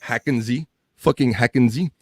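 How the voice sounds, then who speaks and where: A man's voice: mid-range voice, normal speed, dry recording, clean studio sound. A man with an American accent hosting a casual livestream, reading viewer comments and ranting with profanity and jokes. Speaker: livestream podcast host.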